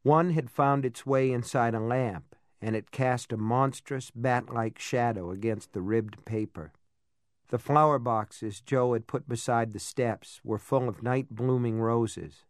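Dry, measured male audiobook narrator. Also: medium pitch, no echo. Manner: measured, steady storytelling. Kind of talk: scripted narration.

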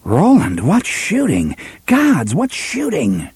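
A man voicing a cheeky, teasing young companion in an audiobook, with an excitable manner. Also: a little high, moderate pace, husky, no room sound, clean studio sound, voice pushed up, exaggerated voice. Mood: excited. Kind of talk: audiobook character voice.

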